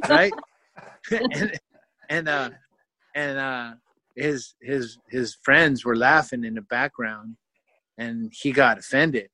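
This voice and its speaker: Man telling a story, animated and self-mocking, bright voice, dry sound. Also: medium pitch, takes it slowly, long pauses, dry recording. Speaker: guest storyteller. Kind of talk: personal storytelling.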